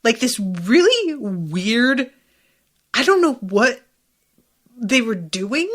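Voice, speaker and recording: A woman's voice: fairly high pitch, big pitch swings, slow pace, fairly bright tone, slightly rough. A woman hosting a podcast, recapping an episode in a loose, chatty, profane way, full of fillers and quoted asides. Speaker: podcast host. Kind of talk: casual solo recap.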